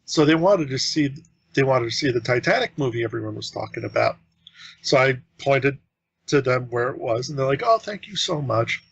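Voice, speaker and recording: A young man spins loose, rambling anecdotes as a podcast co-host, slipping into voices for the people he quotes. His voice sits mid-pitch and sounds dry and close. The sound is a little dull. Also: a little fast, vocal fry, husky, dry recording. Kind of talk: casual storytelling chat.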